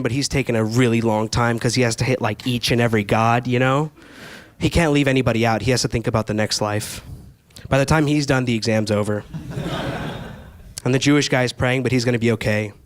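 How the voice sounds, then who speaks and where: A young man performing a stand-up comedy set on a club stage, telling stories with quoted back-and-forth exchanges. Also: medium pitch. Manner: animated storytelling with quoted exchanges.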